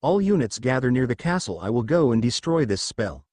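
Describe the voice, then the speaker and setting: A man's voice: medium pitch, big pitch swings, brisk, a little mellow, no room sound, studio quality. A man voicing a tense young woman army commander who barks orders and snaps back with retorts.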